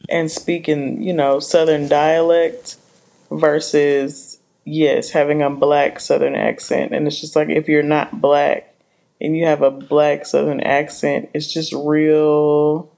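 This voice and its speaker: Slow, gravelly woman co-hosting a casual podcast. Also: low voice, level tone, dark tone. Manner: laid-back, drawn-out, chuckling. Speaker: podcast co-host.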